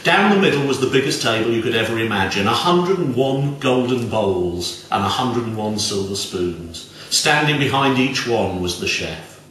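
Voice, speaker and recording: Expressive male storyteller in an echoey room. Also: mid-range voice, normal speed, few pauses, slight background noise. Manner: expressive, dramatic. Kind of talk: folk tale storytelling. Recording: very echoey room, distant mic.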